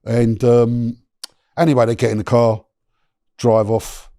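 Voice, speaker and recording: A man, a guest on a podcast, telling a story in an animated, slangy way with swearing and many restarts. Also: mid-range voice, measured pace, dry recording, studio quality.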